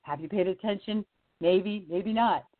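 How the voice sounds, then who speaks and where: A chatty woman tells a story down a tinny phone line, her voice leaping high whenever she quotes someone. The sound is dry and close, with no room around her, and she laughs easily between lines. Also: unhurried, no room sound. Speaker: singer-songwriter guest. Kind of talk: casual storytelling on a radio interview.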